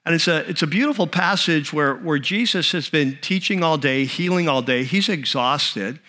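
Bright-voiced male pastor preaching. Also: fairly high pitch, normal speed. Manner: animated storytelling, conversational with restarts. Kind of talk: sermon.

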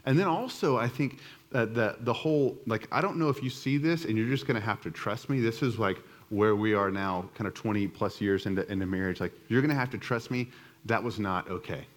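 A man's voice: lowish voice, brisk. Middle-aged man teaching with self-deprecating storytelling. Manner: self-deprecating, rambling with many restarts. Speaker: church teacher. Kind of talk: conversational teaching with personal story.

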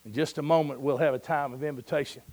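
High-voiced preacher telling a tender story. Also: male voice, fairly even intonation, quick pace. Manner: storytelling, dropping to a soft hush at moving points; folksy and conversational. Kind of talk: sermon.

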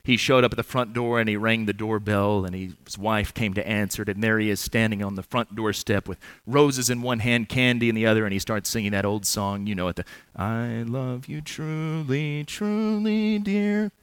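A man preaching an earnest, measured sermon in church, with touches of gentle humor. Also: lowish voice, fairly even intonation, smooth, no echo.

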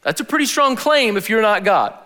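Man, pastor, sermon, laid-back slangy delivery, animated emphasis, slightly raised pitch. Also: fairly quick, big-room sound.

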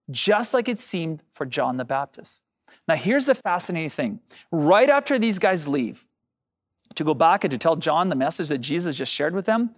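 A man preaching a sermon as pastor, addressing the congregation directly and drawing out key phrases for emphasis. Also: high-pitched.

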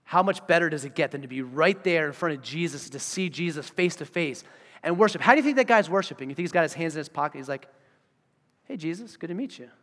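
A man's voice: fairly high pitch, fast talker. A man preaching a sermon as pastor, acting out the voices of the people he talks about. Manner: animated, acts out voices of the people he describes. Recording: reverberant church hall.

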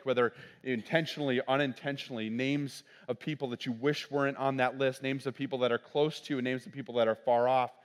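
A middle-aged man preaching from the pulpit, telling a story that leads into his message. He speaks conversationally and keeps checking in with his listeners. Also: mid-range voice. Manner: conversational, frequent "right?" asides. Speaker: pastor. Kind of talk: sermon with personal story.

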